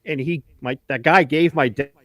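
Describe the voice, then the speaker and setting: A man's voice: fairly high pitch, normal speed, a bit bright, no echo. A middle-aged man, a podcast co-host, telling a story in a profane, casual way and acting out what others said. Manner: profane anecdotes, acting out quotes.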